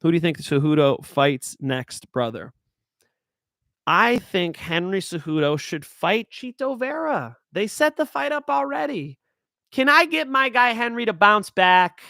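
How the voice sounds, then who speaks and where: A man hosting his own show, chatting casually about fight picks in a hype-driven way, swinging between loud and soft. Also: high voice, expressive, measured pace, creaky, dry recording, studio quality. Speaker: show host. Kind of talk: casual fight-pick talk.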